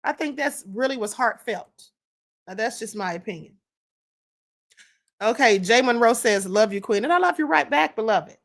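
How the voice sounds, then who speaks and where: A woman's voice: fairly high pitch, expressive, moderate pace, long pauses. A woman hosting a live stream, giving casual opinionated commentary on clips and reading viewer comments aloud.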